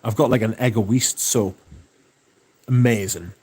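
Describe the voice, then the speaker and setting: A man hosting a livestream, chatting casually and reading out viewer comments, relaxed and enthusiastic with plenty of swearing. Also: on the low side, measured pace, breathy edge. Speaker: livestream host.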